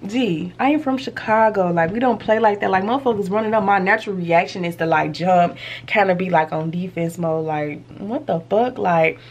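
A woman's voice: medium pitch, brisk, hardly any pauses. Woman vlogger, casual story time, slangy, phone mic, home, faint hum. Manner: animated storytelling, lots of slang and cursing. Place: home, indoors.

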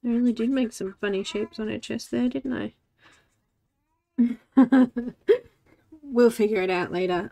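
A woman in her forties chats her way through a live coloring session at an unhurried pace. Her voice sits a little high. She talks to herself as she works and greets viewers by name. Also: creaky, warm tone. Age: 40s. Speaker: livestream host. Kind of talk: casual chat while coloring.

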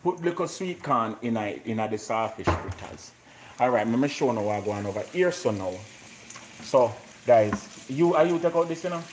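A man's voice: mid-range voice, expressive, moderate pace, a little hiss or hum. A man with a Jamaican accent hosting a live cooking show from his home kitchen, chatting and joking as he cooks. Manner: joking, chatty, mixes in patois. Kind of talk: casual live cooking chat.

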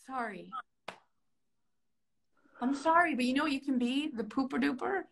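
A young woman with a high, bright voice runs a live-streamed comedy bit. She plays a chipper orientation leader, all bubbly mock cheer. Her delivery stays upbeat and a little over the top. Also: lively intonation, moderate pace, gravelly, pauses often. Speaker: comedy host playing a Disney World career orientation leader.

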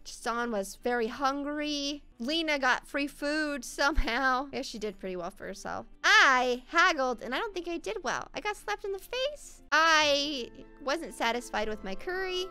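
A woman hosting a gaming channel, chatting excitedly through a let's-play of a life-sim game and gasping often. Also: high-pitched, moderate pace, few pauses, faint music behind. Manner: excitable, chatty, frequent gasps. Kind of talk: casual let's-play commentary.

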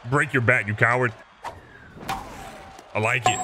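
A young man casually commentating his own baseball video game, excitable and joking, swinging between hype and mock despair. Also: medium pitch, takes it slowly, noisy background. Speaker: gaming channel host. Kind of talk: live gameplay commentary.

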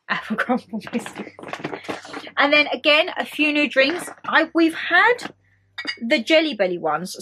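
A young British woman chatting excitedly to her viewers as she shows off a shopping haul at home. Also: fairly high pitch. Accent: British English. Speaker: vlogger. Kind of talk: casual shopping haul vlog.

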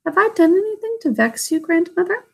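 A woman's voice: sits high, sing-song, normal speed, voice pushed up. A woman voicing a sweet, eager young princess who exclaims breathlessly. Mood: anxious.

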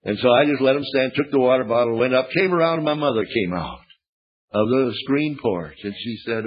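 A man's voice: medium pitch, brisk, slightly rough. An older American man preaching a sermon, telling homespun stories with plainspoken, folksy humor, from an archival recording. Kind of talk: sermon with storytelling. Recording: dull lo-fi archival sermon tape.

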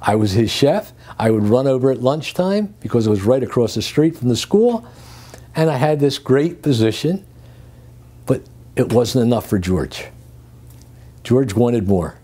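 An older man from Greece, recounting his working life as an interview guest, with lively chuckling storytelling. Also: mid-range voice, a little slow.

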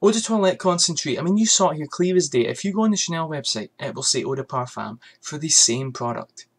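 A man's voice: on the high side, animated, quick pace, a little hiss or hum. A man ranting angrily on his vlog about a perfume brand, swearing often and firing off rhetorical questions. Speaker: fragrance reviewer.

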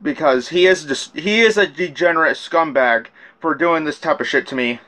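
A man with a voice set a bit higher than most recounts a feud in a loose, rambling rant. He swears constantly and keeps stopping to restart his sentences. His delivery is casual and off the cuff. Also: normal speed, bright, forceful tone. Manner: profane, rambling, with many restarts. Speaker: rapper telling his side of a feud.

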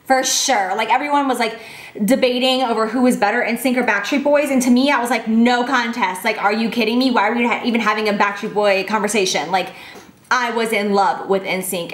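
A woman's voice: fairly high pitch, roomy sound. A woman in her twenties chatting casually and gushing as she answers fan questions, filling her talk with "like". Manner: gushing, bubbly, heavy use of "like". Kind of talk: casual chat.

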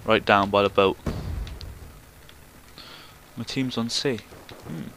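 A man giving casual commentary over his own gameplay, swearing and shouting at other players in excitable bursts. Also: on the low side, takes it slowly, vocal fry, a little hiss or hum. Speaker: gaming channel host.

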